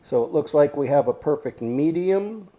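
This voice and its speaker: A man's voice: a little high, lively intonation, moderate pace, dark tone, lo-fi sound. A man hosting a casual cooking vlog, talking plainly and thinking aloud as he goes. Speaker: cooking channel host.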